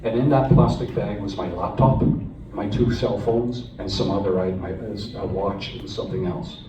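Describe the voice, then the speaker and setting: A man's voice: lowish voice, normal speed, heavy background noise. A man from Canada recounting his captivity to a live audience in an earnest, conversational way with frequent restarts. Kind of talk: personal storytelling talk. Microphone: phone recording from the audience. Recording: distant, echoey phone recording in a hall.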